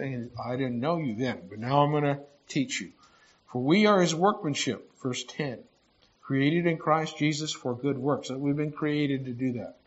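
A man's voice: a little high, normal speed. Man teaching a sermon, slightly muffled. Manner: conversational Bible teaching with asides and restarts. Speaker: pastor. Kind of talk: sermon with scripture reading.

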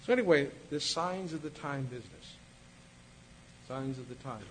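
A man's voice: lively intonation, moderate pace, a little hiss or hum, poor audio. A man preaching a sermon in a conversational way, acting out quoted lines as he goes. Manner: conversational, acts out quoted lines with shifting pitch and loudness.

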